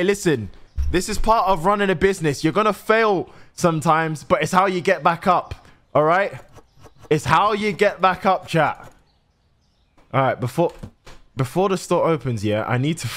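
A young man gives casual, excitable game commentary, swearing often and talking to his chat. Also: mid-range voice. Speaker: gaming streamer.

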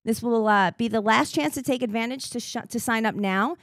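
A woman's voice: fairly high pitch, brisk, fairly bright tone, no room sound, studio quality. A woman co-host reading an upbeat sponsor ad on a podcast, tripping over a word now and then. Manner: upbeat, stumbling ad read. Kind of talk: ad read.

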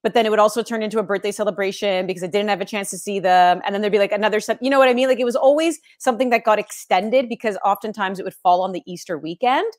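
Animated woman sportscaster telling stories. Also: medium pitch, racing, few pauses. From Canada. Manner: animated storytelling, laughs often. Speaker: sportscaster guest. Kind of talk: casual interview chat.

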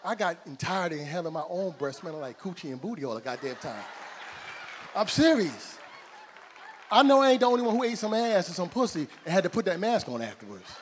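High-voiced guy doing loud dirty stand-up, reverby club, crowd noise in the back. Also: fairly quick. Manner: loud, profane, animated storytelling. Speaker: stand-up comedian. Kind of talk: stand-up comedy set. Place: comedy club stage before a live audience. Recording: live room with long reverb, crowd noise.

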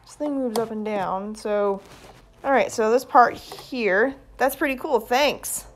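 A woman, vlogging casually at home and excitedly showing things off to her phone camera. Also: fairly high pitch, takes it slowly, a little hiss or hum. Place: indoors at home.

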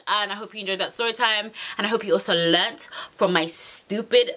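A young woman with a London accent, telling a storytime vlog in an animated, heated way, full of slang. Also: medium pitch, a little slow. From England. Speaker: vlogger.

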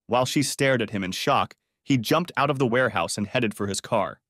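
A man's voice: medium pitch, fairly quick, fairly bright tone, no echo. A man narrating a dramatic audiobook story in a scripted reading, on a close studio mic.

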